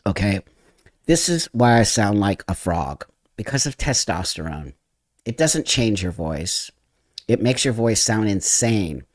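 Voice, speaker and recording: A man's voice: fairly low pitch, sing-song, a little slow. A man hosting a casual phone livestream, talking bluntly and emphatically to viewers. His voice is froggy, with a slightly helium-like edge. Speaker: livestream host. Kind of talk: casual livestream chat, answering viewer comments.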